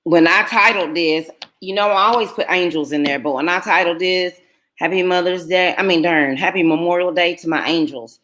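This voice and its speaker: A woman's voice: lowish voice, normal speed, fairly bright tone. Chatty woman on a live stream. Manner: chatty, rambling storytelling with many fillers. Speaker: YouTuber hosting a live stream. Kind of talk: casual live-stream chat with viewers.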